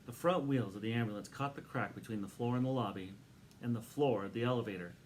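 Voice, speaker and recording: A man narrating a children's book aloud in a steady, expressive reading voice. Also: mid-range voice, quick pace, a little hiss or hum.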